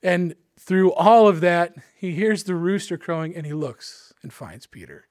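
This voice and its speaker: A man's voice: sits high, a little slow, a little mellow, no echo, clean studio sound. A man preaching a sermon, earnest and emphatic, with casual asides to his listeners.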